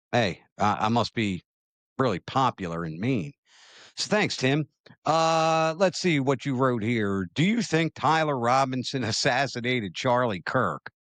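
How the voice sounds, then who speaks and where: A man's voice: mid-range voice, fairly bright tone, dry recording. Chatty self-deprecating man hosting. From Maryland. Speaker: show host. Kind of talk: casual monologue to camera.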